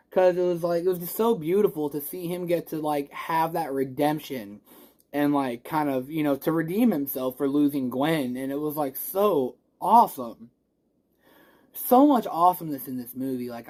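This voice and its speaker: A movie reviewer in a casual spoiler review vlog who says they are a little stoned. They ramble and gush, swear freely and restart sentences often. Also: medium pitch. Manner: rambling, gushing, swears a lot; excitable, emotional, restarts often.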